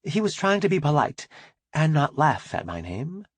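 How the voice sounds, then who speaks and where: Guy reading as an earnest young alien woman, polite and puzzled, pitched up, dry close sound. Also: big pitch swings, moderate pace, slightly rough, dry recording, full character voice. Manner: earnest, curious.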